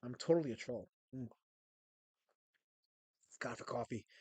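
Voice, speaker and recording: A man from Pennsylvania hosts a livestream in a mid-range, husky voice with a dark tone and a scratchy throat, speaking at a measured pace. He chats casually, rambling and joking with viewers, in a dry recording.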